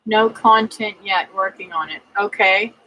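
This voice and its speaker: A woman's voice: medium pitch, a little slow, bright, forceful tone, a little hiss or hum, low-quality recording. A woman hosting a casual homestead livestream, chatting and greeting viewers by name with lots of ums and uhs. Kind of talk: casual livestream chat reading viewer comments.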